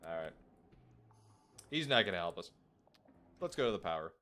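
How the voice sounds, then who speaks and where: A man's voice: low voice, big pitch swings, moderate pace, long pauses, sharp tone. A man streaming a video game, rambling through casual, self-deprecating commentary. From United States. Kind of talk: casual let's play commentary.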